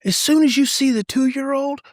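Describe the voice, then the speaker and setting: A man's voice: very high voice, normal speed, dry recording, clean studio sound. A middle-aged man, a parenting expert as podcast guest, explaining in an emphatic, repetitive teaching tone. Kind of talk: podcast interview.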